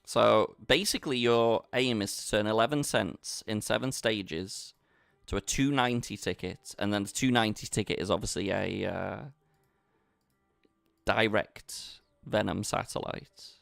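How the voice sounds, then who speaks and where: A man's voice: on the low side, measured pace, vocal fry, a bit bright, no echo, faint music behind. A man chatting casually with his viewers while he plays online poker, bantering and talking to the chat. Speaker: poker streamer. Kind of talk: casual live-stream commentary.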